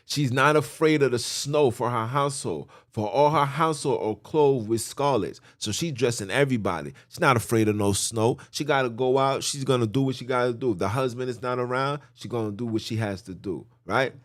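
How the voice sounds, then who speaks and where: A man hosting a podcast in casual religious talk, telling stories in an animated way with street slang. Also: medium pitch, a little fast, few pauses, no room sound, studio quality. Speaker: podcast host.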